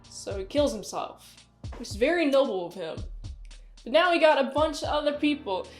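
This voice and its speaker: A woman casually reviewing a movie, recapping it in an animated, exclaiming, chatty way. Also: on the high side, normal speed, faint music behind.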